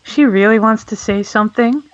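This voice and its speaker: A woman playing a tabletop game, describing her character's actions in a relaxed, chatty way. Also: a little high, normal speed, no echo. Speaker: player. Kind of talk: casual tabletop play. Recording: dull lo-fi recording.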